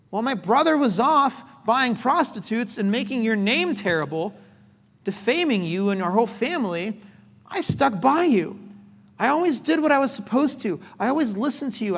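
A man's voice: high voice, fairly bright tone, full character voice. A man preaching, voicing a resentful older son who has always stayed loyal, in an aggrieved, pleading tone.

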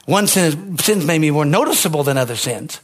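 A man preaching a sermon as pastor, animated and conversational, rising to shouts on his high points. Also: brisk.

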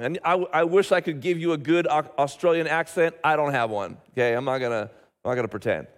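A middle-aged man, a pastor, preaching a sermon and telling a family story in an animated way, with frequent restarts. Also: fairly high pitch, brisk. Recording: reverberant church hall.

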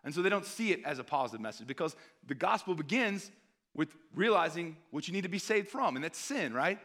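A man in his thirties delivers a sermon with a slightly raised pitch. He talks in a loose, conversational way, stopping often to ask his listeners questions. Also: lively intonation, a little fast, fairly bright tone. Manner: conversational, asks the audience often with "right?". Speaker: missionary preacher.

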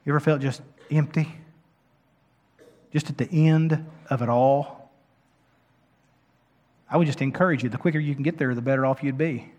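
A man's voice: fairly high pitch, fairly even intonation, normal speed, pauses often, lo-fi sound. Impassioned preacher man in a reverberant hall. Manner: impassioned preaching, building to loud emphatic peaks. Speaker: pastor. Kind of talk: sermon.

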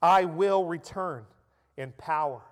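A man's voice: fairly high pitch, slow. A man voicing a majestic, stern divine king who proclaims his power emphatically. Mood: commanding. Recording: echoey church hall.

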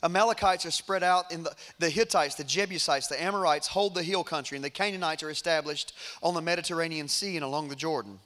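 A man preaching a sermon, retelling a story dramatically and swinging between hushed and loud. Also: a little high, fast talker, hardly any pauses.

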